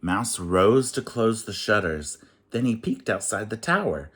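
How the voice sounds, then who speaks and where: Expressive man reading a picture book aloud. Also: on the low side, a little slow, husky. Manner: expressive, sing-song rhyming delivery. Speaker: children's book reader.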